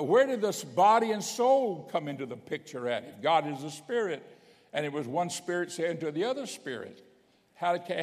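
With a fairly high-pitched voice, a male bishop delivers an emphatic sermon, frequently asking whether the congregation is keeping up and restarting as he stumbles. Long hall reverb fills the recording.

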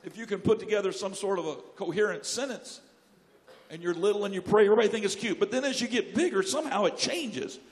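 A man preaching a sermon, telling jokes and stories and breaking into sudden loud outbursts. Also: high-pitched, quick pace. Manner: joking, animated storytelling with sudden loud outbursts. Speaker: pastor. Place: church sanctuary. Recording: long church hall reverb.

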